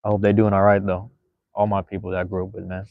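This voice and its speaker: A man's voice: deep voice, completely flat delivery, fast talker, creaky, no echo, narrow, tinny audio. A man hosting a casual solo livestream, rambling in a laid-back, slangy way. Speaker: livestream host.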